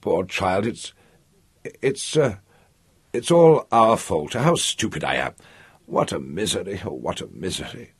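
A motherly older woman voiced by a male narrator in a storybook reading, murmuring soft comfort in a husky voice. She stumbles over her words and frets as she speaks slowly. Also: deep voice, lively intonation, voice pushed down, heavily acted. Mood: fretful. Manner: murmuring, soothing, halting.

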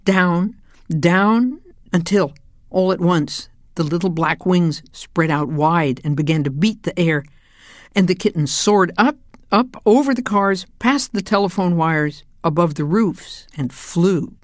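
A woman narrating a children's audiobook in a calm, measured way. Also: lowish voice, no room sound, studio quality.

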